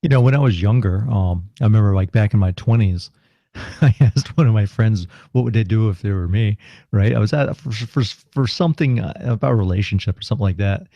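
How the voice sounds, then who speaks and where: This podcast co-host, a middle-aged man from South Florida, tells casual stories and laughs through them with animation. He speaks briskly in a fairly low voice. There's no room sound, though the audio is muffled and lo-fi.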